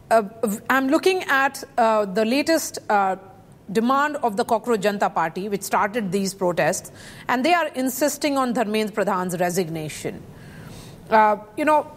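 A woman's voice: fairly high pitch, expressive, moderate pace. A woman news anchor, asking questions with frequent hesitations and fillers. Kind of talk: live news interview.

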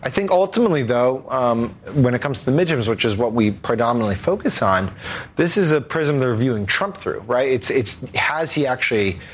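A male political guest giving halting, analytical commentary. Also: mid-range voice, lively intonation, a little hiss or hum.

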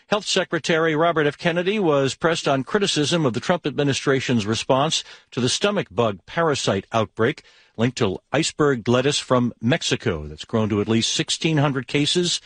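A man anchoring a radio newscast, reading headlines in a crisp, measured way. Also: medium pitch, animated, a bit bright, dry recording. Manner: crisp read news copy. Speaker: news anchor. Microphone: studio mic.

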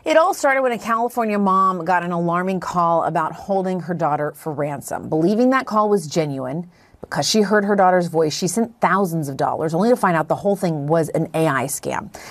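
A woman anchoring the news in a steady, formal manner. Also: on the low side, a little fast.

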